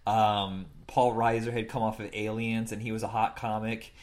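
A man co-hosting a casual movie chat, animated and profane, breaking into squeaky impressions of film lines. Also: moderate pace. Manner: animated, swears freely, acts out movie lines in high squeaky voices. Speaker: podcast co-host.

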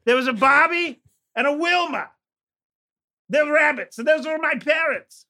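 Guy doing a super high goofy old man winter, slow rambly and giggly. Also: no room sound, clean studio sound, exaggerated voice. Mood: rambling. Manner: rambling, giggly, bursts into shouts. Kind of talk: improvised comedy sketch.

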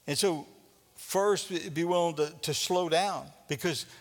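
A man preaching a conversational sermon as pastor, often repeating words and swinging between loud and soft. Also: on the high side, a little slow, long reverb tail.

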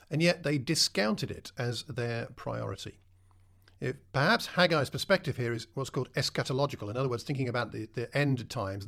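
A man's voice: medium pitch, vocal fry, fairly bright tone. A man preaching a sermon in a conversational way, putting questions to his listeners.

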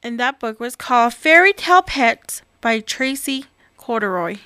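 A woman with a high, bright voice reads a children's picture book aloud, unhurried and expressive. The sound is close and dry, with no room echo. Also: smooth. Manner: expressive, animated reading. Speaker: storyteller.

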